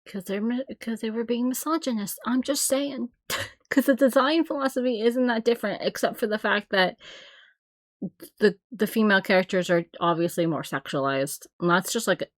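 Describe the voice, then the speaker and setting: A woman streamer reacts to game trailers with blunt, opinionated, rambling commentary, laughing a lot and often cutting herself off. Her voice is a little high and at normal speed, with no echo.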